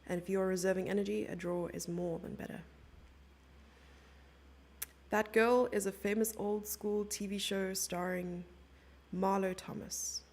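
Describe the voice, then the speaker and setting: A woman's voice: mid-range voice, steady tone, moderate pace, darkish tone. A young woman commenting on chess live and chatting playfully with her viewers. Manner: chatty, playful, reads out and answers chat.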